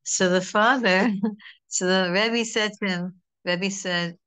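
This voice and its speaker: A woman's voice: medium pitch, fairly even intonation, takes it slowly, pushed and bright, clear, resonant tone. A middle-aged woman teaching a Torah class in a conversational, digressive way, mixing in Hebrew terms.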